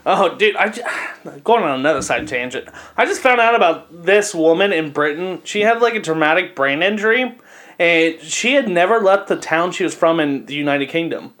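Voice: mid-range voice, animated, normal speed, fairly bright tone. A podcast co-host in casual chat, swearing and laughing through crude banter.

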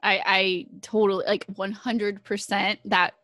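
A woman's voice: medium pitch, flat delivery, a little slow, fairly bright tone, dry recording. A woman in her thirties hosting a podcast, telling stories animatedly in casual conversation and laughing often. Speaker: podcast host.

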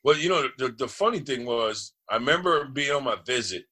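Boisterous, bright-voiced man from New Jersey. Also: mid-range voice, a little fast, breathy edge. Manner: boisterous, profane, animated storyteller. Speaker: former quarterback, guest. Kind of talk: casual storytelling chat.

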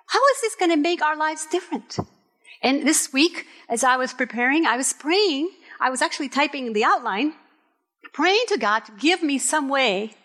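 A middle-aged woman pastor from Puerto Rico, preaching a candid sermon with personal stories and emphatic, drawn-out phrases. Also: sits high, a bit bright. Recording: reverberant hall.

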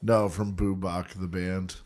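A man's voice: deep voice, level tone, takes it slowly, a little mellow. Goofy joking man on a podcast. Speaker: podcast co-host. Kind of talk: casual chat.

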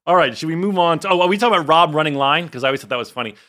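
A man in his forties co-hosting a podcast, telling stories in a rambling, animated way with lots of filler words. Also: fairly high pitch, very fast. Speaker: podcast co-host. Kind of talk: casual rewatch podcast chat.

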